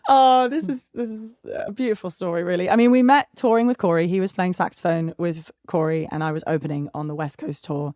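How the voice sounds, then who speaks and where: A woman in her thirties with a southern English accent, telling stories in a lively, chatty interview and laughing often. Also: fairly low pitch, fairly quick, few pauses, dry recording, studio quality. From England. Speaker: guest songwriter. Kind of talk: casual interview chat.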